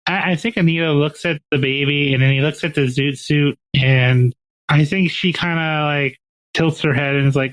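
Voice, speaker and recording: A man playing in a tabletop game, excitable and quick to giggle. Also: a little high, dry recording, low-quality recording. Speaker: player. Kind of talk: casual chat during a tabletop game.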